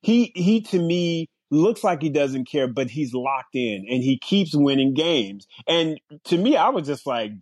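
A man's voice: a little high, expressive, measured pace, hardly any pauses, slightly rough, no room sound, clean studio sound. A man co-hosting a podcast in casual sports chat, laughing often and repeating words as he tells it. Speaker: podcast co-host.

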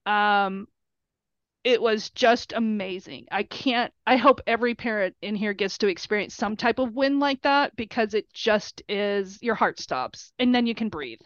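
A middle-aged woman, a player's mother, telling animated stories in an interview and acting out quotes in a shrill high voice. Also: unhurried, no room sound. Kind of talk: storytelling interview. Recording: dull lo-fi recording.

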